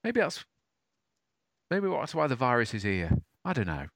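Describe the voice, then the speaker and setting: Man hosting a chat, bright forceful tone, chummy, dry close sound. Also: medium pitch, wildly swooping pitch, normal speed, gravelly, dry recording. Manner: chummy, keeps calling the other man mate. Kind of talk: casual chat.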